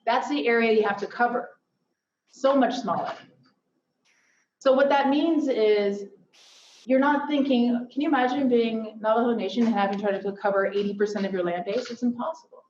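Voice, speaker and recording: A woman's voice: a little high, darkish tone, a little hiss or hum. A woman giving an upbeat conference presentation with joking asides. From Silicon Valley. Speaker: workshop presenter. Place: lecture hall. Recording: echoey hall from far off, dull.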